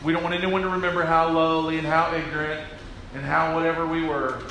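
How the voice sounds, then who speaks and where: A man's voice: a little high, level tone, quick pace, pushed and bright, a little hiss or hum. A male pastor preaching a sermon, emphatic and drawing call-and-response from the congregation.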